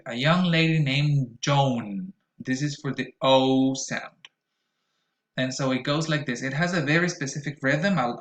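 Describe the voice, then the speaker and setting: Male pronunciation teacher, deliberate and exaggerated in his delivery, mid-pitched voice, roomy echo. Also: a bit bright. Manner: slow, deliberate, exaggerated vowel modeling with frequent fillers. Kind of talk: recorded pronunciation lesson.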